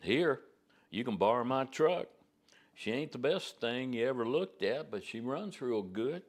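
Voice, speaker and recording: A man's voice: mid-range voice, expressive, measured pace, voice pushed up. A man voicing a kindly old male gas station owner with a put-on Southwestern drawl. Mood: generous.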